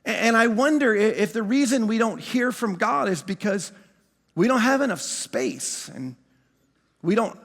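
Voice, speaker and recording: A man preaching a sermon, emphatic and full of repetitions, slowing right down to stress key phrases and sometimes calling out to the congregation. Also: high-pitched, expressive, creaky, fairly bright tone, in a large hall. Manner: emphatic, repeats words, slows down on key phrases. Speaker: pastor.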